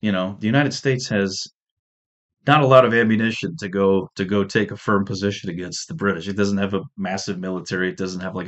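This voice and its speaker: A man with a deep, low voice gives a relaxed history lecture. He talks conversationally, with restarts and offhand jokes. The audio is dull and lo-fi. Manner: conversational, with restarts and jokey asides.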